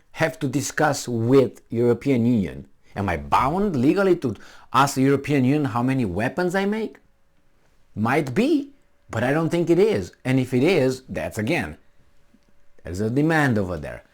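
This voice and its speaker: A middle-aged man giving a combative, sarcastic commentary full of rhetorical questions. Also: mid-range voice. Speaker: political commentator. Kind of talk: ranting commentary.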